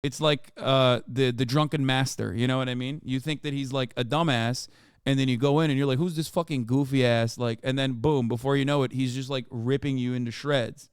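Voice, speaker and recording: A man's voice: mid-range voice, fairly even intonation, brisk, clear, resonant tone, dry recording, studio quality. A man in his thirties streaming a casual reaction, exasperated and ranting, swearing often.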